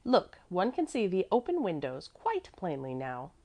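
A woman's voice: lowish voice, wildly swooping pitch, a little slow, dark tone, pitched above the performer's own voice, heavily acted. A woman reading aloud and voicing a fussy, devoted older woman servant who speaks earnestly and emphatically. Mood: fretful.

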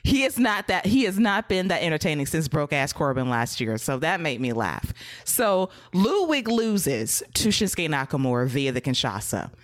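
A woman hosting a wrestling podcast, recapping casually in an expressive, laughing way and swearing freely. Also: low voice, normal speed, few pauses, dry recording, studio quality. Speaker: podcast host.

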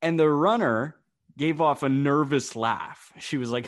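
A young man co-hosts a casual sports podcast. He tells a story with a lot of animation and slips into the voices of the people he quotes. His pitch sits in the middle of the male range. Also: unhurried. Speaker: podcast co-host. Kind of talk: casual chat.

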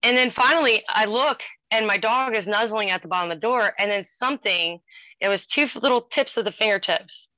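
Woman, bright clear tone, dry dull-sounding recording, animated storyteller. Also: a little high, fairly quick, dry recording. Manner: animated, acts out quoted voices. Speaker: guest telling a ghost story. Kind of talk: casual storytelling.

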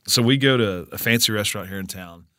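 A man's voice: lowish voice, quick pace, bright, forceful tone, dry recording, studio quality. A man, co-hosting a radio show and telling playful stories in casual banter. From Texas. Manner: storytelling, playful, laughs often.

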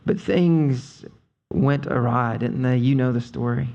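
A man preaching a conversational sermon, speaking with emphatic, drawn-out stresses. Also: mid-range voice, creaky, darkish tone, lo-fi sound. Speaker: pastor.

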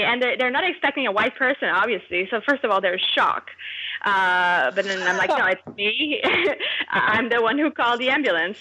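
A woman from Canada tells a story as a guest in a casual podcast chat. Her voice is bright and forward, with a middle pitch. She tells it in an animated way and often laughs as she goes. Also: poor audio.

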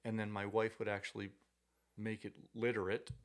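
A man's voice: on the low side, little pitch movement, moderate pace. A middle-aged man, a former tennis coach, chatting as a podcast guest and telling rambling, self-deprecating stories. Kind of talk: casual storytelling chat.

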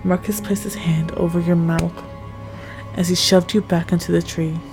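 A woman narrating a tense second-person audio story in a measured way. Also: lowish voice, little pitch movement, poor audio. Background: music.

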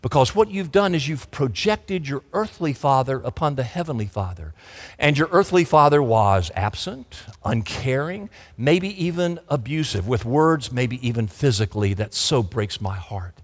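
A man preaching a sermon as pastor, fervent, his delivery swinging between loud emphasis and soft, intimate asides. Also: a little high. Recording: long hall reverb.

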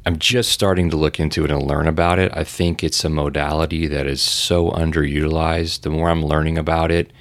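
A man's voice: rumbling low, flat delivery, brisk, hardly any pauses, no room sound. A man talking casually as a podcast guest, telling a long story in a loose, rambling way full of fillers.

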